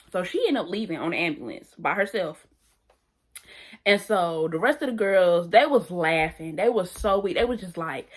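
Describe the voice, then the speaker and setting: A young woman vlogger telling a story in a casual, animated and slangy way, often repeating phrases. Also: fairly low pitch, moderate pace. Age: young adult.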